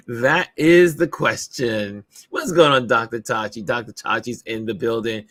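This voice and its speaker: A man's voice: mid-range voice, animated, slow pace, long pauses, fairly bright tone, no room sound. A man hosting a casual live stream, upbeat and chatty, laughing often as he greets viewers over a video call setup. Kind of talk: casual chat.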